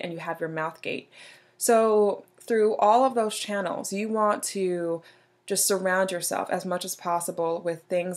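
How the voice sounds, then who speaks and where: A young woman talks straight to the viewer with earnest encouragement, as she gives self-help advice. Her voice sits fairly low for a woman. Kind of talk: motivational advice talk.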